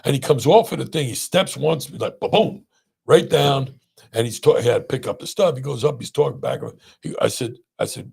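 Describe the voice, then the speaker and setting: Gravelly animated doctor host. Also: male voice, medium pitch, normal speed. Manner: animated, acts out quoted voices. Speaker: podcast host, pain doctor. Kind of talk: casual storytelling chat.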